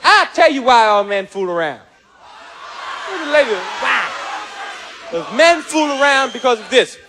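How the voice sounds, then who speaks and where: A man's voice: very high-pitched, moderate pace, a crowd in the background, noisy background. A man doing stand-up comedy, talking energetically and straight at the women in the audience. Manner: energetic, addresses the audience directly.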